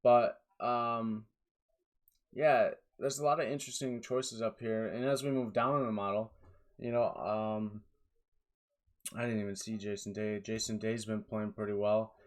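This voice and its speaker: A man's voice: fairly low pitch, steady tone, moderate pace. A young man in his twenties giving rambling, tired solo commentary on fantasy golf picks, with lots of fillers and restarts.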